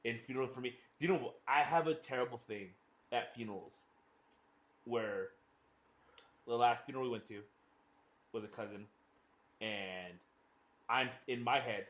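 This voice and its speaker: A man co-hosting a casual podcast, talking earnestly and growing quiet on serious points. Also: mid-range voice, normal speed, pauses often, echoey room. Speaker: podcast co-host. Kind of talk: casual chat.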